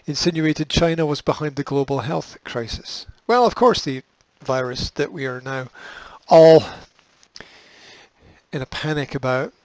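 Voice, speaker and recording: A man with a gravelly, slightly raised voice reads out news lines and then cuts in with sarcastic comments. His tone is dismissive and offhand. The recording is close and dry. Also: a little high, measured pace, no room sound, rough recording. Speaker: host.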